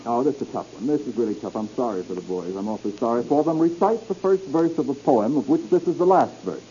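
A man's voice: mid-range voice, animated, fast talker, mellow. A man hosting a 1930s radio quiz show, teasing the panel with wisecracks. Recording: dull old radio recording with faint hiss.

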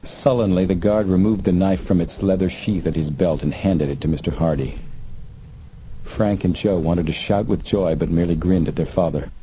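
A man narrating an audiobook in a measured, steady manner. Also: low voice, lo-fi sound, a little hiss or hum. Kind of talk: scripted narration.

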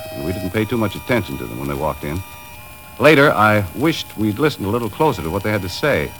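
A dry, easygoing boat captain narrates and talks in a 1950s radio play. His voice sits a little low but moves a lot in pitch. Faint music plays under the old broadcast sound. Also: fairly bright tone. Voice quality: dry, laconic. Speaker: lead actor and narrator. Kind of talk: 1950s radio drama acting.

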